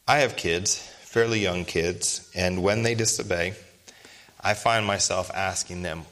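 Emphatic male preacher, lowish voice. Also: measured pace, fairly bright tone. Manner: emphatic, asks rhetorical questions. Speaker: pastor. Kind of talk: sermon.

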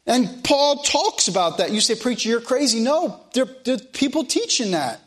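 A man's voice: extremely high pitch, big pitch swings, normal speed, a bit bright. A man preaching a sermon, folksy and repeating phrases for emphasis.

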